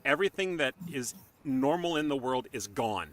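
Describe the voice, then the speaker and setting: A man's voice: medium pitch, lively intonation, normal speed. A man hosting a podcast, talking enthusiastically and laughing easily. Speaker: podcast host. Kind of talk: casual chat.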